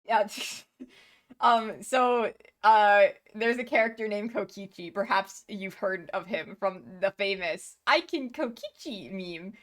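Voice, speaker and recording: A woman's voice: medium pitch, level tone, takes it slowly. A woman streamer chatting casually on a live stream, gushing and rambling with many restarts and laughs.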